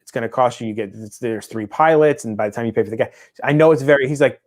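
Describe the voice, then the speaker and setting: A man co-hosting a casual chat show, mid-pitched and conversational. He tells a long, winding story full of restarts and briefly acts out the people in it. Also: fast, few pauses. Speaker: podcast co-host.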